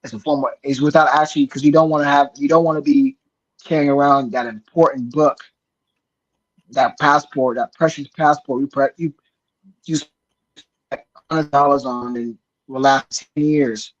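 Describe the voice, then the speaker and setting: A man's voice: mid-range voice, fairly even intonation, moderate pace, highs cut off. A man on a casual podcast chat, handing out travel advice chattily and restarting his sentences often.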